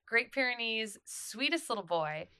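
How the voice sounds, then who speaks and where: Sniffly congested lady guest on a podcast, laid-back and giggly, bright voice. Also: fairly high pitch, lively intonation, a little slow, smooth. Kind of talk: casual podcast chat.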